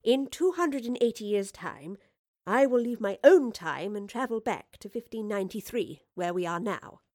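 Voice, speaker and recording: A woman's voice: mid-range voice, expressive, moderate pace, a little mellow, dry recording, studio quality, natural voice. A woman voicing an earnest, educated woman time traveller who explains herself carefully and hesitantly. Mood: explaining.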